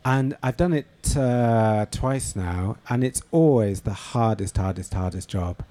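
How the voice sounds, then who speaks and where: A middle-aged man with a lowish, mellow voice answers interview questions. He thinks aloud, circling back with ums and restarts as he finds his words. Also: slow pace. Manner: thoughtful, hesitant with many fillers and restarts. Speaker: novelist and screenwriter.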